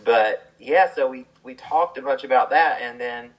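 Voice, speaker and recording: A man's voice: medium pitch, normal speed, low-quality recording. A man, a songwriter, telling a story in a casual, chatty way, with lots of fillers and the odd laugh.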